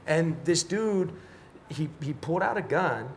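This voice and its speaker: On a podcast, a middle-aged man from Washington, D.C., unwinds a long, profanity-laced tale, voicing the characters' lines with plenty of energy. He speaks at a measured pace in a voice on the high side, with a little hiss or hum in the recording.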